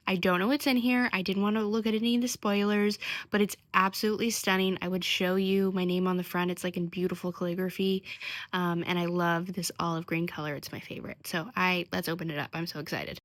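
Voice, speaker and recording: A young adult woman talking casually to camera in a vlog, chatty and gushing, filling her speech with "like" and "um". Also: fairly low pitch. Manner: chatty and gushing, many fillers like "like" and "um". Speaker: vlogger.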